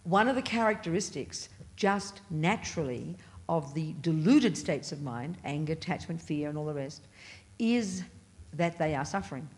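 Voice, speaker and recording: Emphatic woman Buddhist teacher, fairly low voice. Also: lively intonation, moderate pace, a little mellow. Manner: emphatic, blunt and playful; pitch leaps up on stressed words. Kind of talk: teaching a class. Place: meditation center classroom.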